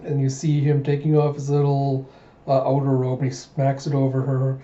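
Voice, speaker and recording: Man narrating a manga readthrough, mellow dark tone, echoey room on a dull mic. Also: medium pitch, monotone, normal speed. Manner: retells scenes, acting out lines. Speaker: reader, channel host.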